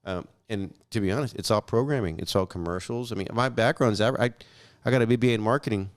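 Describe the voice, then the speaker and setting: Smooth and on the low side, this young man's voice carries blunt, profane stories on a podcast where he's a guest. He chats casually and acts out the dialogue with animation.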